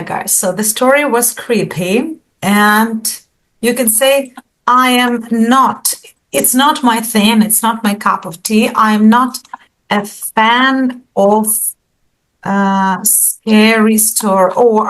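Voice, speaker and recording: A woman English teacher leads an online lesson, her voice a touch high and her pace unhurried. She patiently draws answers out of her students over a video call. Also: a bit bright. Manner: patient, encouraging, asks students questions.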